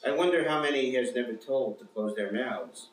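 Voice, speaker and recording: A man's voice: medium pitch, fairly quick, distant mic. A man giving a live reading of his own fiction to an audience, in a dry, wry storytelling manner. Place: small performance venue with audience. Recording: echoey room, mic from afar, faint noise.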